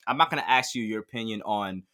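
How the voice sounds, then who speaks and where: A podcast co-host with a fairly low-pitched voice chats casually, animated and quick to laugh.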